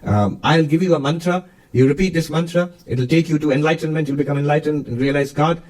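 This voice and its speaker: A man's voice: a little high, brisk, darkish tone, far from the mic, close to an everyday voice. A man voicing a stern wandering holy man, a guru, in a raised, emphatic voice. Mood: kindly urging.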